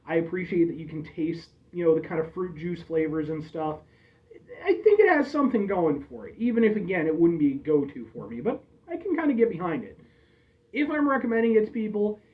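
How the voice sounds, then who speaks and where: A man's voice: a little high, distant mic. A man hosting a casual review vlog, talking in a chatty, rambling way and calling his viewers folks. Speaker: host reviewing drinks. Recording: dull lo-fi audio, a bit off-mic.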